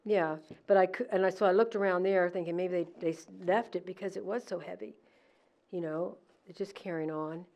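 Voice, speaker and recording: A middle-aged woman telling a story in a casual, animated way, acting out what people said. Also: lowish voice, brisk. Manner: animated, laughing, acts out quoted lines. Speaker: decorator at a museum holiday event.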